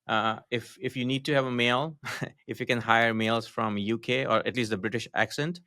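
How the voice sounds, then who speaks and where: Bright-toned man giving halting business advice. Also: medium pitch, steady tone, no echo. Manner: halting, many fillers and restarts, matter-of-fact advice. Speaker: podcast guest, marketing consultant. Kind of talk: casual podcast interview.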